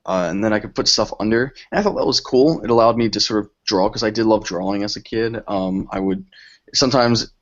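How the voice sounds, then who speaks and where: Relaxed young man, low voice. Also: a little fast, dull audio. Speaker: filmmaker guest. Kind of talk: casual interview answers.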